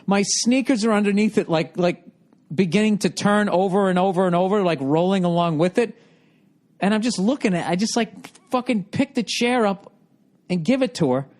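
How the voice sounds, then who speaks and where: A man's voice: high-pitched, moderate pace, darkish tone. A middle-aged man hosting a podcast, telling a rambling, swear-filled comic story with sarcastic exasperation. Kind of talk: casual comedic monologue.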